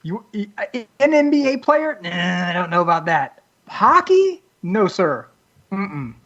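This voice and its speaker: A co-host riffing through funny stories on a sports show, quick to joke and animated. The audio is dull and lo-fi. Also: mid-range voice. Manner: joking, animated storyteller. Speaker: podcast co-host. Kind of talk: casual sports banter.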